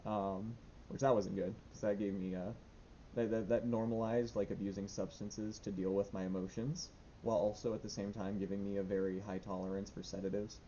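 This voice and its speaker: An anxious young vlogger rambles nervously in a casual diary vlog, full of fillers and restarts. His voice is mellow and level in tone, moving briskly, and the recording is dull lo-fi with a faint rumble.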